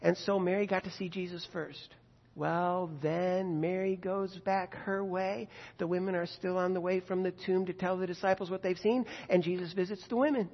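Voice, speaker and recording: A man's voice: high-pitched, fairly even intonation, moderate pace. A man preacher retelling a scripture story in a conversational sermon, with vivid asides and rhetorical questions. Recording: dull lo-fi echoey hall.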